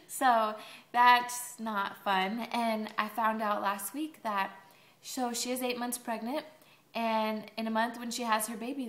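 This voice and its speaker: A woman's voice: on the high side, pushed and bright, echoey room. A young woman in college, chatting in a rambling video diary with sarcastic asides. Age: young adult. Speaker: college student vlogger.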